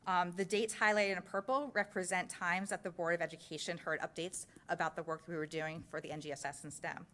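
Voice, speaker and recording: A woman's voice: fairly low pitch, steady tone, fairly quick, hardly any pauses, fairly bright tone, slight background noise. A woman presenting a science curriculum at a school board meeting, walking through slides step by step in an explanatory way. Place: public meeting room.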